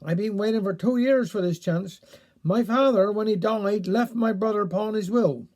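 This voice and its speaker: A man's voice: sits high, moderate pace, a little mellow, natural voice. A man with a Cornish accent voicing a muddled, rambling village man in a spoken story.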